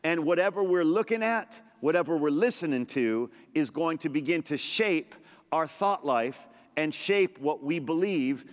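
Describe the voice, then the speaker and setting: Emphatic preacher man in an echoey sanctuary. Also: fairly high pitch. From Middle Eastern background. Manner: emphatic preaching with repeated phrases and quick asides. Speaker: pastor. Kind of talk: sermon. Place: large church sanctuary. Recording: echoey church hall reverb.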